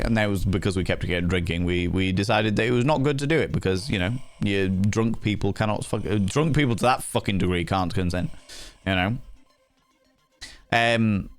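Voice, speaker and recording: A man's voice: fairly low pitch, moderate pace, soft background music. Sweary man streaming live. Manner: sweary, exasperated, animated storytelling. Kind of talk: casual live-stream chat.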